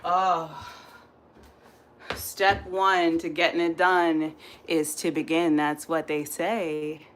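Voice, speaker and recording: A woman's voice: deep voice, slow pace, pauses often, slight background noise. A woman fitness instructor, coaching a live workout with whoops and encouragement. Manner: energetic, whooping, encouraging, says "y'all".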